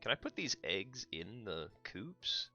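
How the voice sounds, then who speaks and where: A man's voice: on the low side, big pitch swings, slow pace, bright, forceful tone, highs cut off, soft background music. An American man livestreaming a game, chatting casually and teasing his co-host in joking banter. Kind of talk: casual chat while gaming.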